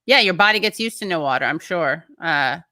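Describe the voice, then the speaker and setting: A woman's voice: lowish voice, lively intonation, fairly quick, pushed and bright, dry recording, clean studio sound. A woman hosting a casual show, chatting loosely, breaking off mid-thought and reading out viewer comments. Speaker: show host.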